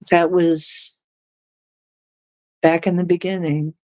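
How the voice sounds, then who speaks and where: Slow-talking woman telling a story. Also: lowish voice, low-quality recording. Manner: chatty, animated retelling with laughs and acted quotes. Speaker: astrology show guest. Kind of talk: casual storytelling.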